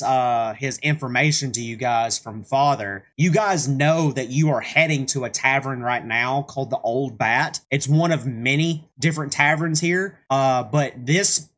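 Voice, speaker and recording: A man's voice: medium pitch, a bit bright. A man running a tabletop game as game master, narrating in a loose, casual way with plenty of swearing and filler words.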